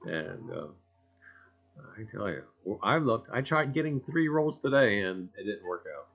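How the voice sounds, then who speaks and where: A man's voice: fairly low pitch, sing-song, measured pace, creaky, breathy edge, phone-quality sound. A man hosting a casual livestream chat, reading viewer comments in a folksy way and chuckling often. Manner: folksy, chuckling, repeats "I tell you".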